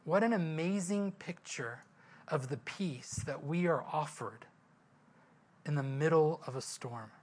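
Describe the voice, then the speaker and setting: A man's voice: fairly high pitch, measured pace. Man preaching a sermon, chatty storyteller, asks the room questions. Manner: conversational, animated storytelling with rhetorical questions. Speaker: pastor.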